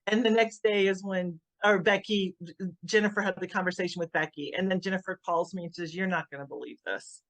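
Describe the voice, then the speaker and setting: A middle-aged woman, a grieving mother, giving an emotional personal account in an interview, often halting and repeating words as she restarts. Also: mid-range voice, little pitch movement, no echo.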